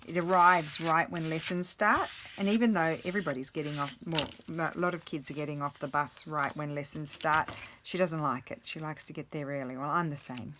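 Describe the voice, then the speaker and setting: A woman's voice: deep voice, noisy background. Chatty woman crafting on camera. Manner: rambling, chatty, many fillers and restarts. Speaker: craft vlogger. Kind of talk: casual chat while crafting.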